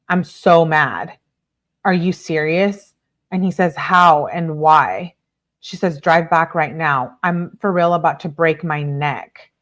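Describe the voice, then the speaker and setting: A woman commenting on a true crime case, reading text messages aloud with emphatic delivery and bleeping out her own swear words. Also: low voice.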